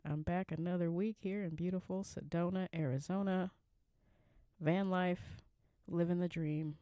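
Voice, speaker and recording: A woman's voice: lowish voice, fairly even intonation, measured pace, dark tone, smooth, no echo, clean studio sound. A young woman hosting her own podcast in a rambling, chatty way, with a groggy morning voice. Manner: rambling, chatty, laughs easily. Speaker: podcast host. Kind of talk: casual solo podcast chat. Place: van.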